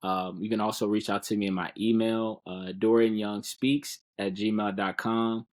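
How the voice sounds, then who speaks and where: Earnest, encouraging low-voiced man. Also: little pitch movement, normal speed, darkish tone. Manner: earnest, encouraging, repeats words while searching for them. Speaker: guest speaker. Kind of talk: casual podcast interview.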